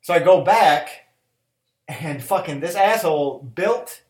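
A man in his thirties, a cook, tells a story in loose, profane chat, acting out both sides of a quarrel. His voice sits a little high. The room around him rings with echo. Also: animated, slow. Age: 30s. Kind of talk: casual chat.

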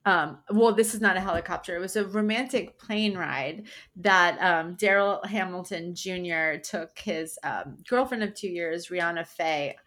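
A woman's voice: fairly low pitch, moderate pace, fairly bright tone. A woman co-hosting a podcast, chatting casually and reading out funny stories with frequent laughter. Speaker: podcast co-host.

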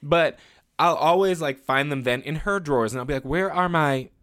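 A man's voice: a little high, brisk, fairly bright tone. A man in his thirties hosting a podcast, rambling in a goofy, joking casual chat. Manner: goofy, rambling, with many restarts. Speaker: podcast host.

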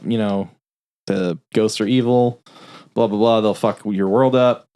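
A man's voice: lowish voice, fairly even intonation, a little mellow, clean tone. A man casually recapping a film's plot on a podcast, swearing freely and acting out the characters' lines. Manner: loose, profane plot recap with quick voiced-out quotes. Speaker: podcast host recapping a film. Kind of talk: casual film review chat.

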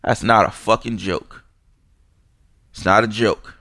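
A man's voice: lowish voice, fairly even intonation, slow pace, sharp tone, no echo, clean studio sound. A young man hosting a sports podcast, delivering a furious, disgusted rant full of swearing and mockery. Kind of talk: angry profane rant.

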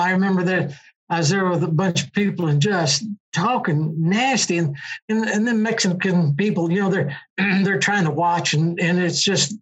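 An older man with a high, husky voice, once a motorcycle racer, rambles through stories in casual conversation. He restarts often and leans on fillers, and the recording sounds dull and lo-fi.

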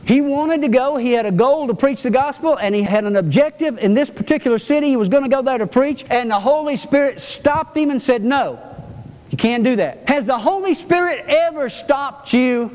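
A man's voice: extremely high pitch, a little fast, hardly any pauses, a little mellow. A male pastor preaching a sermon to his congregation, emphatic and repetitive. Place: church. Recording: reverberant church hall.

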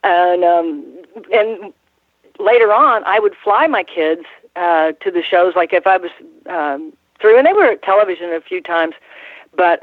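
A woman's voice: on the low side, no echo. A woman in her sixties, a former ring announcer, telling rambling stories in a casual interview and laughing often. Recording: tinny phone line, dry.

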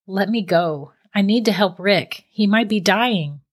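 A woman's voice: medium pitch, a little slow, close to an everyday voice. A woman voicing a frightened young man in shock, pleading desperately in a storybook reading. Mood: panicked.

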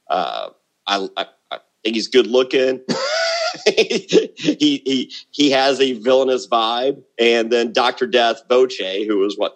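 A middle-aged man chatting as a podcast guest, blunt and boastful, often repeating words as he starts a thought. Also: mid-range voice. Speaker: podcast guest, former reality show contestant. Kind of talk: casual interview chat.

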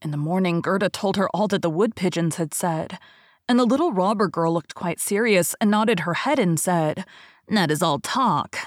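Low-voiced woman reading a fairy tale. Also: lively intonation, normal speed, no room sound, clean studio sound. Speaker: podcast host. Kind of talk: storybook reading.

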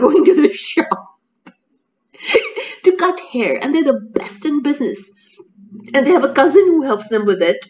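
A woman co-hosting a casual chat, talking in an animated way with many restarts and laughs. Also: mid-range voice, rough recording. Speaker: co-host reviewing a TV serial.

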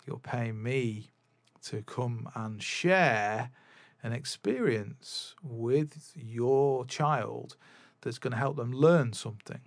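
A man's voice: medium pitch, no room sound, clean studio sound. A man hosting a podcast, telling a long story in a casual, rambling way with many restarts. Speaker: podcast host and drum teacher.

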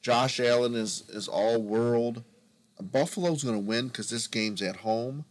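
A man's voice: medium pitch, measured pace. A man co-hosting a sports podcast, ranting theatrically and calling his listeners folks. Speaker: podcast co-host. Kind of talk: casual sports talk.

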